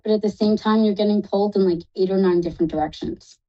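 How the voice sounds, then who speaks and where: On a live call-in show, a woman works as a psychic reader, reading tarot cards for a caller in a chatty, reassuring way and calling the caller "love." Her medium-pitched voice is warm, and she speaks at a quick pace. The audio sounds dull.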